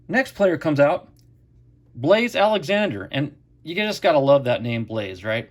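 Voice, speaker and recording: A man's voice: fairly high pitch, sing-song, unhurried. A middle-aged man casually telling a story to camera as the host of a card collecting channel, chatty and acting out quotes.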